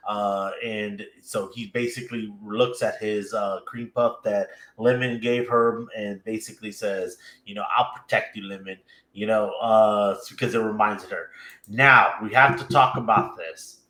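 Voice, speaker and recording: A man's voice: fairly low pitch, a little slow. Guy hyped retelling an anime ep, laughs a lot, echoey room. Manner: animated retelling, laughing, acting out quotes. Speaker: podcast host recapping an anime episode. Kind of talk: casual chat.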